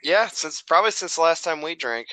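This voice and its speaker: A man's voice: fairly high pitch, animated, a little fast, bright, forceful tone, clear, resonant tone, dry recording, poor audio. A young man who is a podcast guest, chatting casually and chiming in with short laid-back reactions. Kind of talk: casual chat.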